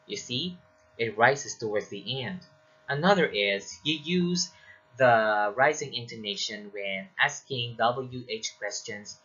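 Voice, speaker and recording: A man teaching a recorded lesson on English pronunciation, explaining slowly and reading example sentences aloud. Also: lowish voice, pushed and bright, breathy edge, highs cut off.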